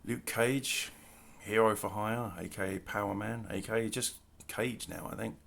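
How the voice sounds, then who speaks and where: A middle-aged man casually showing his artwork on camera, talking in a relaxed, rambling way with self-deprecating asides. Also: fairly low pitch, measured pace, vocal fry. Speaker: artist showing his work. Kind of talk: casual show-and-tell narration. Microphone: camera mic, handling artwork.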